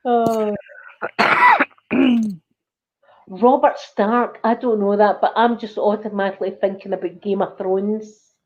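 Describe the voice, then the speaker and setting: Drawing out her words and leaving long pauses, a middle-aged Scottish channel host with a slightly high voice spins a casual, chatty story. She brings it to life by performing the voices of people she quotes, on a somewhat dull, lo-fi recording.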